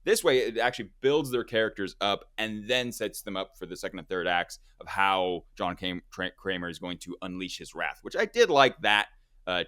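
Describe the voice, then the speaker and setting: A man's voice: sits low, pushed and bright, dry recording, studio quality. A man hosting a casual movie review chat, rambling and correcting himself with lots of fillers.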